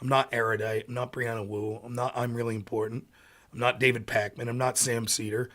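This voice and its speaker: Animated, mocking American man ranting. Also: medium pitch, a little fast. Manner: animated, mocking, slips into loud mocking quotes of opponents. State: sleepy. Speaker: political livestream host. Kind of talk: livestream political rant.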